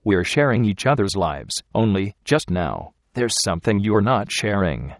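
A man's voice: fairly low pitch, big pitch swings, measured pace, no room sound, clean studio sound. A man reading as a coaxing young wife. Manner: gentle, coaxing and earnest. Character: loving young wife coaxing her husband.

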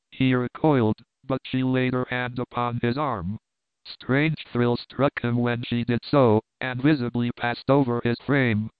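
Guy reading an old novel aloud, steady and measured, dry tinny audio. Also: medium pitch, smooth, no room sound. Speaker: audiobook narrator. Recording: dry tinny phone-like sound.

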